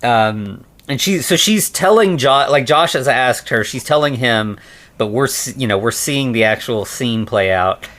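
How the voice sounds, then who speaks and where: A man at a middle pitch, talking through a movie's story for a podcast. He rambles and restarts, leaning on plenty of ums and likes as he goes. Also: expressive, measured pace, a bit bright. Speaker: podcast co-host. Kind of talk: casual film-review chat.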